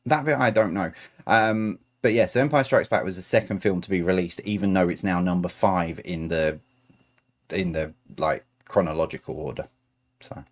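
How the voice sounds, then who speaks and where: A man's voice: low voice, normal speed. A man reading out quiz answers as host, adding chatty, self-correcting asides.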